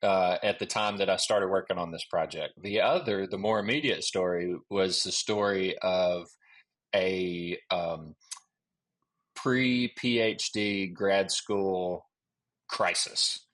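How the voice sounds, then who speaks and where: A man in his thirties from Alabama, speaking with a Southern accent, appears as a guest historian in a casual storytelling interview. His low, steady, fairly bright voice takes things slowly as he rambles through a long story full of restarts and fillers.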